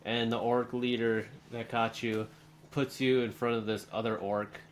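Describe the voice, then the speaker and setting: A man's voice: medium pitch, level tone, measured pace, a little hiss or hum. A young man narrating as game master for a tabletop game, in a loose, rambling way full of ums and likes.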